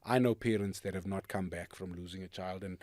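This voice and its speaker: A man's voice: deep voice, steady tone, brisk, darkish tone, dry recording. Earnest man telling a story. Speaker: podcast host. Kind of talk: casual chat.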